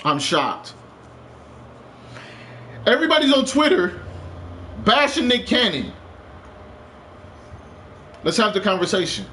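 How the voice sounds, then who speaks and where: A male streamer ranting live, his voice high and bright. He repeats himself with heated urgency and swears freely. A faint hiss sits under the recording. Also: sing-song, slow, long pauses. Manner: impassioned, repetitive, swears, rising to urgent. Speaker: game streamer.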